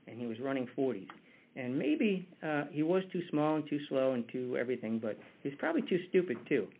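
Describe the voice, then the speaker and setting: Man, motivational speaker, husky voice, tinny phone-like recording, conversational. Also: mid-range voice. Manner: conversational, repeats words when restarting. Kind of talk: motivational talk with storytelling.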